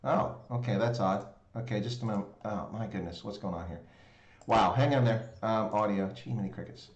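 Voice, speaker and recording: A man's voice: lowish voice, normal speed, muffled recording. A man hosting a live stream in casual chat, telling stories and fussing over his audio. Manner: flustered by mic trouble, chatty storyteller. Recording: roomy echo.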